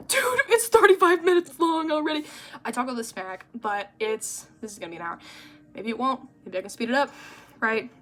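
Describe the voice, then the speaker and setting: A young adult woman giving an exasperated, animated rant in a casual vlog. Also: a little high. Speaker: vlogger. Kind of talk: ranting vlog monologue.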